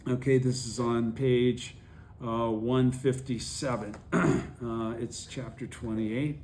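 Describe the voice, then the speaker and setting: A man's voice: mid-range voice, fairly even intonation, slow, darkish tone, slight background noise. A man leading a study group, reading a text aloud and explaining it, often checking that his listeners follow.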